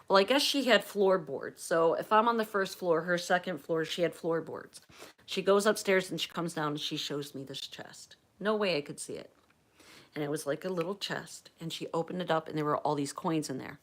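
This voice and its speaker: A woman from Pennsylvania hosting a livestream, telling a personal story in a chatty, animated way and acting out the quotes. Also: sits low, normal speed. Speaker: livestream host.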